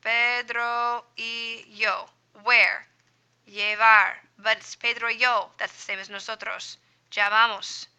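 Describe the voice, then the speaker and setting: Bright upbeat woman teaching a lesson. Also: level tone, unhurried, clean tone. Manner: upbeat, encouraging, with sound effects like boom and boop. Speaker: Spanish teacher. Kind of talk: screen-recorded grammar lesson.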